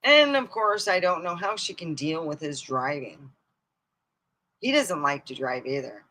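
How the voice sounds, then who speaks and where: A woman host telling funny family stories on a live stream, animated, often laughing and jumping into high excited squeals. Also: rough recording. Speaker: comedic storyteller hosting a live stream. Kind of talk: casual stand-up style family storytelling. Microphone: streaming mic.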